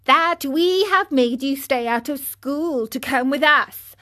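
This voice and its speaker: A woman's voice: high voice, takes it slowly, bright, forceful tone, voice pushed up, heavily acted. A woman voicing a gang of rowdy, teasing schoolboys in a storybook reading, jeering and boastful.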